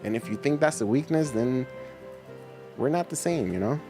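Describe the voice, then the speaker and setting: Over music, a middle-aged livestream host with a mid-range voice reads chat at a normal speed, his intonation lively. His talk is casual and slangy, laid-back, and full of frequent laughter as he responds to viewers' comments.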